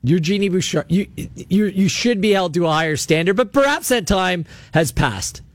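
A man hosting call-in sports radio from a studio, his voice pitched high for a man and recorded dry and close. He rants with emphatic sarcasm and sounds a little worn, as if losing his voice. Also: lively intonation, normal speed, dry recording.

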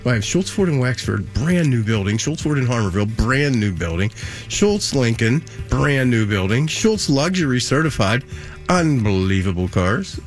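A man pitching his car dealerships in a playful radio ad exchange. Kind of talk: radio ad banter.

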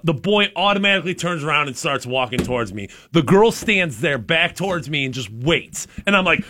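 A man co-hosting a casual podcast, telling a story with animated energy and loudly acting out his own yelling. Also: fairly high pitch, fairly quick, hardly any pauses. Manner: animated, acts out his own shouting in stories. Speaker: podcast co-host.

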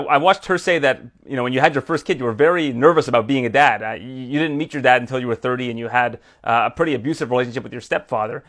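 Casting: male interviewer, brisk pace, chatty and probing. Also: medium pitch, fairly bright tone. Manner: fast, probing, with fillers. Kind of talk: interview questions.

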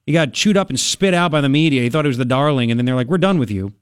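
A man hosting a political talk radio show, combative and sarcastic, talking fast and loose with frequent asides. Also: mid-range voice, clear, resonant tone, dry recording, clean studio sound.

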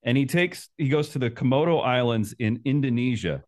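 A man's voice: medium pitch, expressive, brisk, a little mellow. A man hosting a podcast, asking questions in an upbeat, chatty way. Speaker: podcast host. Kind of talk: casual podcast interview.

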